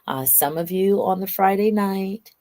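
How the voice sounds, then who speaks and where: A woman's voice: medium pitch, unhurried. A woman hosting an online talk show, chatting casually and telling stories playfully. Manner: lively, playful storytelling. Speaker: host. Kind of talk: casual chat.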